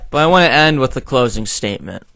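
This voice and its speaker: Young man, profane opinion rant, frequent fillers, clear smooth voice, medium pitch. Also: expressive, fast talker, fairly bright tone, no echo. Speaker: video commentator.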